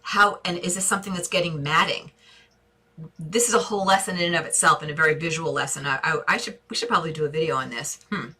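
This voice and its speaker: Speaking fast in a low, pushed, bright voice with a slight roughness, a New York woman hosts a live stream about interior design. She answers viewer questions effusively, reasoning aloud as she goes.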